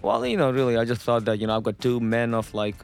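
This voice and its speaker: A young man, talking on a casual radio show. His humor is dry and sarcastic, delivered at a middling pitch. Faint music plays underneath. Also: very animated, fast, vocal fry, clean tone. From Russia. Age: 20s. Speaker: radio co-host.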